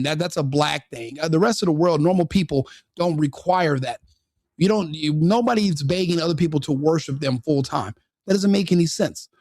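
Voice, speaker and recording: A man's voice: on the high side, darkish tone, no room sound, clean studio sound. A man hosting a live stream, giving opinionated commentary full of rhetorical questions and repeated restarts. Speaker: streamer host.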